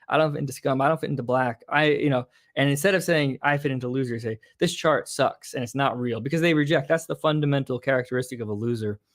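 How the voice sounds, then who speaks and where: Deadpan blunt man. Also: mid-range voice. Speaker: show guest explaining a theory. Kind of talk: casual online show talk.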